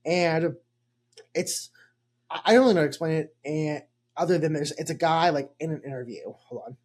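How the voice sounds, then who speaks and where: A man's voice: fairly high pitch, a little fast, darkish tone. A young man hosting a podcast in casual chat, rambling and joking with lots of fillers. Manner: rambling, jokey, filler-heavy. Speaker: podcast host.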